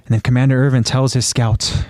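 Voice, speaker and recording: A podcast co-host with a mid-range, slightly mellow voice speaks steadily at normal speed, recorded clean with no room sound. In a casual chat recapping an anime episode, he retells scenes step by step, then talks loosely about them.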